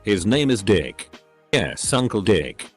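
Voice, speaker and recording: A man reading short stories aloud in a steady, scripted narration style. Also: lowish voice, takes it slowly, faint music behind.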